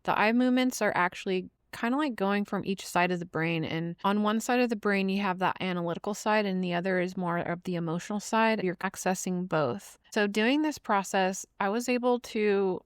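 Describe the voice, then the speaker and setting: A woman's voice: medium pitch, moderate pace, hardly any pauses, clear, resonant tone, no room sound, studio quality. A woman hosting a podcast, talking casually in a blunt, emphatic way with plenty of swearing. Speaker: podcast host. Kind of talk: casual monologue.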